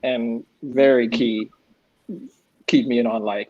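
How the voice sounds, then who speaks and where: Man in his forties, guest on a video call, animated storyteller, dull lo-fi sound, medium pitch. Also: takes it slowly, long pauses, no room sound. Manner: animated storyteller who acts out quoted lines. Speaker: guest comics creator. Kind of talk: casual panel chat over a livestream. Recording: lo-fi livestream audio.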